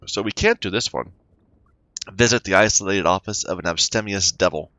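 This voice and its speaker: A man's voice: low voice, moderate pace, sharp tone, no echo. Chatty man reading game text. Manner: chatty, stumbles over unfamiliar words. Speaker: let's play gamer.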